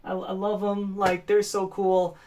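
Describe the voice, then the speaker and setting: A young man in casual, rambling fan commentary, gushing with frequent animated outbursts. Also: high-pitched, unhurried, a little hiss or hum. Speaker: fan channel co-host.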